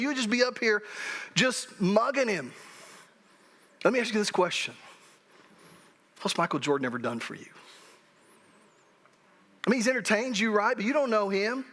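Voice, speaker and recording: High-voiced man preaching conversationally. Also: a bit bright. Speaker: pastor. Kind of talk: sermon. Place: church sanctuary.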